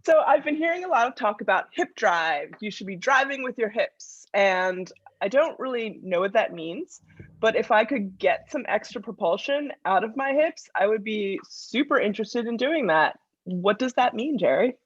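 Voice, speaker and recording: A woman's voice: a little high, animated, moderate pace, husky, no echo. Woman caller asking a polite question, sound dull and lo-fi through a video call.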